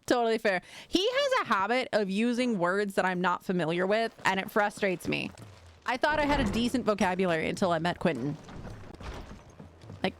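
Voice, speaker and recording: A woman's voice: medium pitch, sing-song, normal speed, long pauses. A woman streaming a video game, chatting casually, laughing often and talking sweetly to her pets. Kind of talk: casual live-stream chat.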